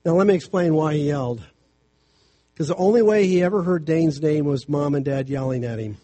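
Middle-aged man preaching, mellow voice. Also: on the high side. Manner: conversational, storytelling preaching with quick asides. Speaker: preacher and family counselor. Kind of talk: sermon.

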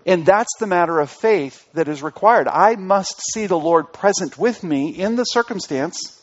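A man's voice: high-pitched, lively intonation, moderate pace. A male pastor giving an interactive sermon, asking the congregation questions and repeating key phrases. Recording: dull lo-fi recording.

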